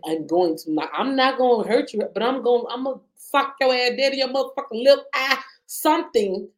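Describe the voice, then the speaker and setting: Blunt, profane woman co-host, higher voice. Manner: blunt, profane, laughs often, swings between low mutters and loud outbursts. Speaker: podcast co-host. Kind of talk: casual chat.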